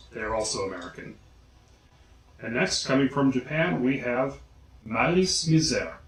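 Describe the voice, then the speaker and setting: Guy vlogging, says each name slow and careful, roomy sound. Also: mid-range voice. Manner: slow, deliberate enunciation of names. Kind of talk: casual pronunciation guide. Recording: echoey room.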